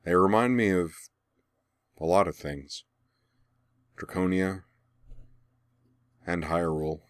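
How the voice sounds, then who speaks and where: A man with a low, slow voice reads an audiobook character, a brooding young man who speaks wryly and matter-of-factly. The recording is studio quality with no echo.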